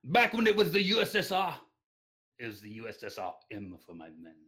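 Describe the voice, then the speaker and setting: A man's voice: medium pitch, wildly swooping pitch, pushed and bright, pitched above the performer's own voice. A man voicing a boastful Russian comrade in a heavy put-on Russian accent, stretching his words grandly. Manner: grandiose bragging, drawn-out words.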